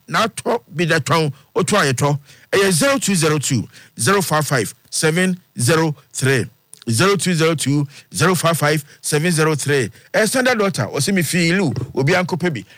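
Ghanaian male radio presenter, slightly high pitch, brisk rhythmic ad-read delivery, dry close studio sound. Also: a bit bright, no room sound. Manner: brisk, rhythmic delivery, repeating phone numbers. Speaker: radio news presenter and ad reader. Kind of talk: radio news and ad reading.

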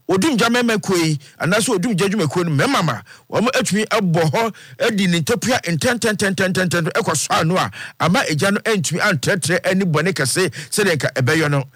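A Ghanaian man presenting radio news and reading ads in a brisk, rhythmic way, repeating phone numbers. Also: high-pitched, fairly bright tone, no echo.

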